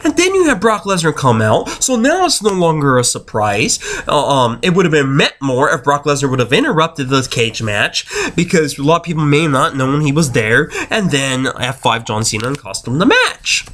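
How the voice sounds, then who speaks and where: A man rants angrily in a video review, full of swearing and exasperation. His pitch leaps up and drops down all the time, and he sounds fed up rather than calm. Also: normal speed, few pauses. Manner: angry, profane, exasperated ranting. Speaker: wrestling reviewer.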